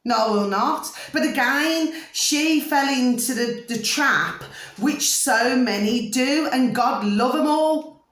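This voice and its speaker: A woman's voice: high voice, slow pace, fairly bright tone. Chatty woman in an echoey room. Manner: chatty, keeps checking the listener understands. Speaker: vlogger. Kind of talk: casual monologue to camera. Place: room at home.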